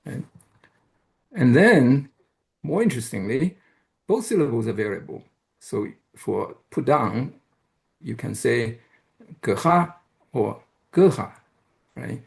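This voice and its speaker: A man lecturing at a colloquium in a gravelly, creaky voice. He pauses often, filling gaps with "uh" and restarting his phrases as he works through his points. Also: medium pitch, animated. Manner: hesitant, many fillers and restarts. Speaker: guest lecturer. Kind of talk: academic lecture.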